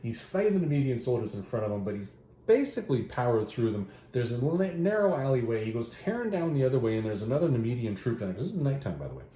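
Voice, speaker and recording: A man's voice: mid-range voice, fast. A man hosting, giving a rambling, joking recap of a story in a casual way. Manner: rambling, joking, animated retelling. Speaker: host reviewing stories and comics. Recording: roomy echo.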